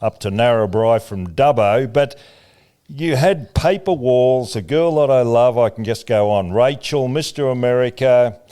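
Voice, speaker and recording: A man's voice: medium pitch, a little slow, warm tone, clear, resonant tone. A man, a podcast co-host asking meandering questions full of fillers. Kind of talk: casual interview chat.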